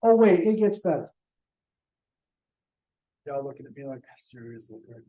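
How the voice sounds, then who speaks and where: A man's voice: a little high, expressive, normal speed, dark tone, echoey room, far from the mic, muffled recording. A man teaching a math lesson to a class, joking and talking to the students directly. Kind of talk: classroom lecture.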